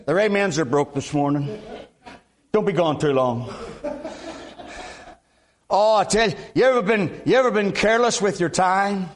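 A man's voice: high-pitched, normal speed, pauses often. An older man from Alabama, preaching a sermon in a folksy way with repeated amens. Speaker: guest preacher.

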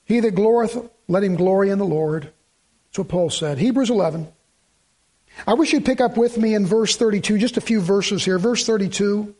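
A man's voice: high-pitched, moderate pace, darkish tone, husky. A male pastor preaching a sermon and reading scripture aloud, building to emphatic, repeated lines. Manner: preaching with rising emphatic repetition.

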